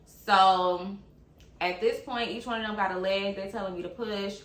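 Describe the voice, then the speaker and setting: A young woman speaks candidly and casually, chatting to her viewers like friends. Her voice sits at a middling pitch. The room around her rings with a noticeable echo. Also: fairly even intonation, moderate pace. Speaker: vlogger sharing her birth story. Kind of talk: casual personal storytelling to camera.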